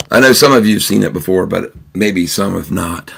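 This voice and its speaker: A man's voice: sits low, gravelly, slightly rough. Chuckling man hosting a livestream. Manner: chuckles often, relaxed storytelling with fillers. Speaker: livestream host. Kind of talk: casual livestream chat.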